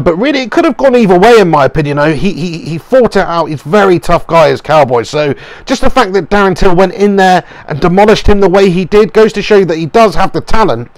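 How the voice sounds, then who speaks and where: A man's voice: a little high, no room sound. A young man giving a casual, opinionated reaction as a channel host, rambling with fillers. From England.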